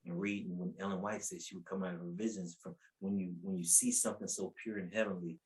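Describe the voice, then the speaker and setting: A man's voice: low voice, fast talker, rough recording. A man telling his personal faith testimony as a podcast guest in a casual, colloquial way, repeating words as he goes and acting out what people said. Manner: animated, acts out quotes with raised voice.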